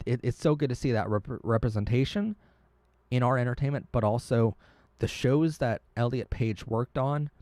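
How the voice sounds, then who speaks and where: A man's voice: mid-range voice, a little mellow, no room sound. A man hosting a live stream, talking earnestly and emotionally, often stumbling and restarting his words. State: tearing up. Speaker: livestream host.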